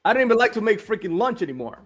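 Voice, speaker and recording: Blunt high-voiced man talking business. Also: big pitch swings, racing, fairly bright tone, faint music behind. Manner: blunt, emphatic, repeats "all right?" and "dude". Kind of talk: casual business chat.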